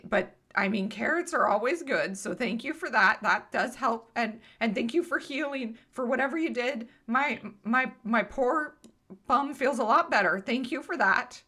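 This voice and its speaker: A woman's voice: a little high, lively intonation, bright, forceful tone, voice pushed up. Woman voicing a timid, rambling pony. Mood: plaintive. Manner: rambling, halting. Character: timid, simple-minded pony.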